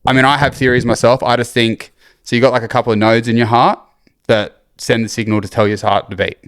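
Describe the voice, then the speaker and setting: Man, 30s, casual chat, smooth tone, dead dry recording. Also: medium pitch, flat delivery, fast talker, a bit bright, dry recording. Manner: laid-back storytelling, sweary. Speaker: podcast co-host.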